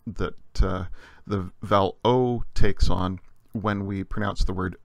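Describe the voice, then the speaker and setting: Male lecturer, low gravelly voice, patient explainer with many "uh"s, dry close mic. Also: fairly even intonation, takes it slowly, no echo. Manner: patient and explanatory, frequent "uh" fillers. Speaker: teacher. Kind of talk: recorded language lecture.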